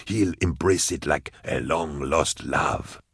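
A ruthless schemer speaks in a very deep, husky murmur, as a male reader voices him. Each line lands quietly and coldly, close to a dry mic. It sounds threatening without raising the voice. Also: slow pace, no room sound, heavily acted. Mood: menacing.

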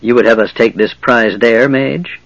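A man's voice: medium pitch, normal speed, a bit bright, no echo, highs cut off. A man voicing a stern, proud knight who speaks curtly and grimly. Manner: curt, grim.

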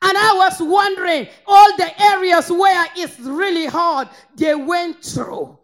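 A woman from northern Nigeria, preaching a fervent sermon that swings between shouted praise and low, intense rebuke. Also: takes it slowly.

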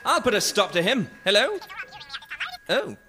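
A man playing a sly, scheming Victorian gentleman in a comedy sketch. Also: high-pitched, very animated, a little slow, noisy background.

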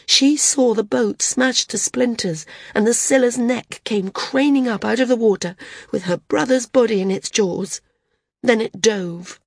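A woman narrating an audiobook in a steady, measured reading. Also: fairly high pitch, dry recording, studio quality.

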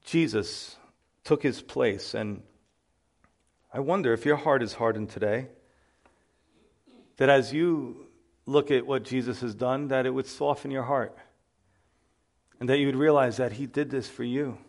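A male pastor preaching a sermon, building to loud emphatic exclamations. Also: medium pitch, measured pace, pauses often.

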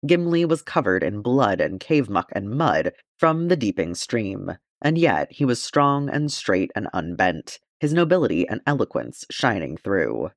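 A man narrating a fantasy fan fiction chapter as an audiobook, in an expressive, steady storytelling way. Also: on the low side, unhurried, few pauses, no room sound, clean studio sound.

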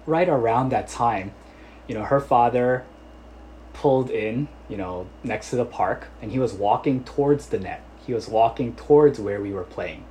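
A man's voice: mid-range voice, darkish tone, a little hiss or hum, rough recording. A male pastor telling a personal story in a sermon, conversational with many fillers, turning earnest as he exhorts. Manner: conversational, full of "you know" fillers.

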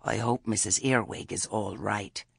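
A man voicing a stern old witch woman who speaks meekly and quietly, with menace under it. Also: very deep voice, unhurried, gravelly, husky, no room sound, clean studio sound, full character voice. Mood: pleasant. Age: older. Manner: meek, soft-spoken, understated.

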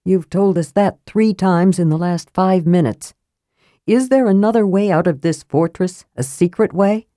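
A woman's voice: lowish voice, unhurried, dark tone, no room sound, clean studio sound, natural voice. A woman voicing a blunt young warrior in an audiobook reading, grumbling and casual in his speech. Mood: gruff. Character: gruff, worried big young warrior.

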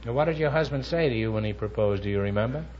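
Wisecracking man hosting an old quiz show. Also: mid-range voice. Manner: teasing, quick one-liners, mock-serious. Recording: dull lo-fi archival broadcast with hiss.

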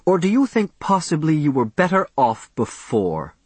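A man doing a pompous, blustering professor for an audiobook, scolding in a pitched-up, louder voice. The voice is husky and dry, with lively swings in pitch. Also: moderate pace, no echo, full character voice. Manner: blustering, indignant, raised voice. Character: pompous irate male professor.

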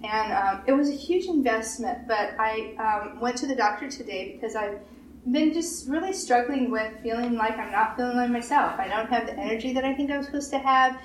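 A woman pastor preaches a sermon with emphatic repetition, slipping into quoted voices. Her somewhat high voice moves fairly quickly and is picked up by a distant mic in a reverberant room with a roomy echo and faint hiss.

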